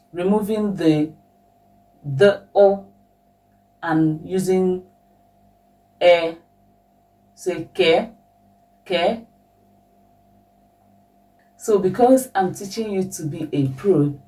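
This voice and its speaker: Slow, patient woman teaching a language. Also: fairly low pitch, recorded from a distance, low-quality recording. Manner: slow, patient, repeats example phrases with lively question intonation.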